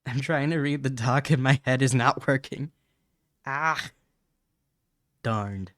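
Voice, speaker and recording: A man's voice: mid-range voice, takes it slowly, fairly bright tone, no echo, clean studio sound. A man hosting a casual educational livestream on bacteria, chatting, reading chat messages, laughing and stumbling over terms. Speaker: science streamer.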